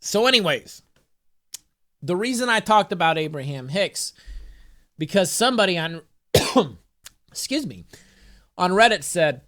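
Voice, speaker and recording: A man with a high voice talks loosely to his viewers from a room at home. He jokes and swears freely while reading affirmations aloud and chatting to his cat. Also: big pitch swings, measured pace, long pauses, fairly bright tone. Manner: profane, joking, loose and chatty. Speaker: spiritual vlogger. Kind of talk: casual rambling vlog with card reading.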